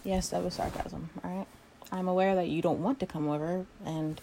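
A woman's voice: lowish voice, fairly even intonation, normal speed, warm tone, a little hiss or hum. A young woman in a one-sided role-play, playing a sarcastic, exasperated coworker who swears a lot. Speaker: coworker doing a project with the listener.

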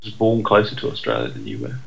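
A woman's voice: a bass voice, very animated, quick pace, creaky, slight background noise, poor audio. A woman with an English accent in casual chat, dry and teasing. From England. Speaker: podcast co-host.

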